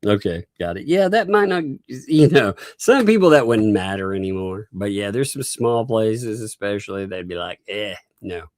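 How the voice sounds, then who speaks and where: Low-voiced Southern man chatting on stream. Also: expressive, moderate pace, hardly any pauses, a little mellow, no room sound, clean studio sound. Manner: laughs often, reads viewer messages aloud. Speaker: livestream host. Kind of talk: casual livestream commentary.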